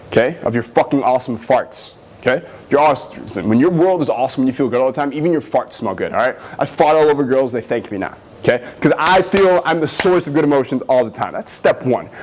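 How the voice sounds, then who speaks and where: A brash male dating coach who talks with cocky confidence and swears freely. He acts out teasing lines as he explains his advice, in a loud, motivational style. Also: medium pitch.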